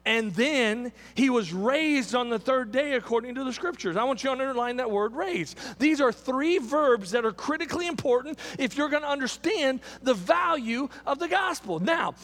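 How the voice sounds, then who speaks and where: A man's voice: extremely high pitch, sing-song, moderate pace, fairly bright tone, in a large hall. A man preaching a sermon as a pastor, emphatic and repetitive, building his points with rising intensity.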